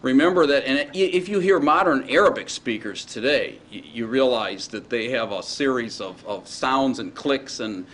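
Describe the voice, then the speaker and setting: A man lectures a classroom in an easygoing, stop-and-start way, often pausing to ask whether his students follow. His voice sits at an ordinary middle pitch, with faint noise in the room behind him. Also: animated, fairly bright tone. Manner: informal, halting, checks in with the class often. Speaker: teacher.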